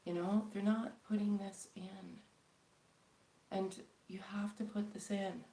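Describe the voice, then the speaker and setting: A woman's voice: mid-range voice, little pitch movement, slow pace, creaky, dark tone. Earnest, pleading woman in an echoey room. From Canada. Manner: earnest, pleading, rambling with many fillers. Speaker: spiritual channel host. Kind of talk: casual live-stream talk.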